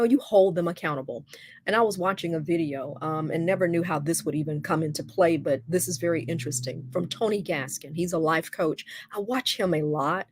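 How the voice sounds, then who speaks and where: A woman's voice: lowish voice, no room sound, studio quality. A middle-aged woman hosting a livestream talk on relationships, speaking conversationally and emphatically, often checking in with "okay?". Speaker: host.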